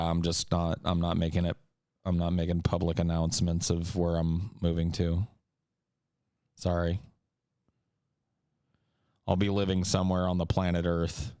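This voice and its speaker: A man's voice: low-pitched, darkish tone, clean tone, dry recording, studio quality. A man hosting a casual Q&A chat, joking and swearing in an offhand way. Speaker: host.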